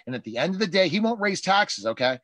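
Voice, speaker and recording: Animated high-voiced man holding forth. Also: quick pace, dry recording. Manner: emphatic, animated, mimics politicians in quoted asides. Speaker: show host and journalist. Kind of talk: political talk show discussion.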